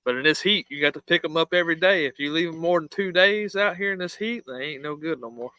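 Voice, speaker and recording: A man chatting on a livestream, blunt and salty, rambling with quick restarts. His voice is bright and a bit high. It sounds dry, with no room around it. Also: dry recording, rough recording. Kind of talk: casual chat.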